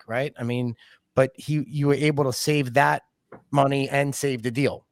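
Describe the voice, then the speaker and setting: A man from New York hosting a podcast, pressing his points home and coaching listeners who are new to the business. His voice sits at a middle pitch. The recording is dry and close. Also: fairly even intonation, normal speed, dry recording. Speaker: podcast host. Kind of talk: podcast interview.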